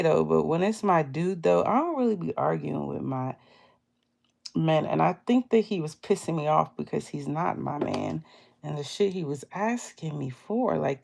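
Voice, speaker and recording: A young woman, chatting candidly to her viewers while doing her nails, laughing often and acting out what she said to others. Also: deep voice. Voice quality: gravelly vocal fry. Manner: candid, laughing often, quotes herself in lively voices. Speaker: beauty vlogger. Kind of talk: casual storytime chat.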